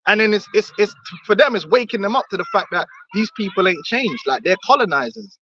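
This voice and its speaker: A man's voice: sits high, lively intonation, a little fast, bright, forceful tone, a little hiss or hum. A man in heated religious discussion, blunt and swearing, mimicking other voices. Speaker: podcast co-host. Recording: dull lo-fi dry recording.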